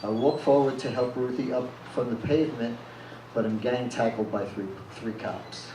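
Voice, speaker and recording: A man's voice: medium pitch, steady tone, moderate pace. A man reading a first-person story aloud at a live reading event, blunt and plain-spoken. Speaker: reader at a live reading series. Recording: echoey room from far off, with noise.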